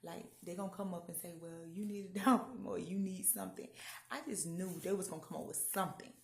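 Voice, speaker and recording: Casual vlogger, young adult woman, gravelly fry, animated storyteller, echoey room. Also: on the low side, fast. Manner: animated, chatty, leaps between loud and hushed. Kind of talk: casual storytelling about faith.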